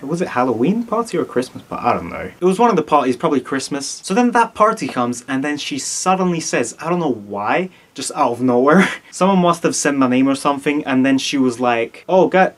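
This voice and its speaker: A man's voice: mid-range voice, very animated, brisk, few pauses. A young man from Italy with a slight Italian accent, telling a story to his camera, often breaking into laughter. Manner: giggly, keeps breaking into laughter. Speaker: vlogger.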